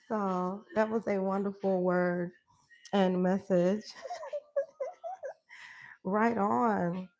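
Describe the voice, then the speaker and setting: A woman's voice: medium pitch, fairly even intonation, slow, a little mellow, a little hiss or hum. Upbeat woman coach, emphatic affirmations. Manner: emphatic, affirming, laughs often. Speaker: wellness coach. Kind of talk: live-stream motivational chat.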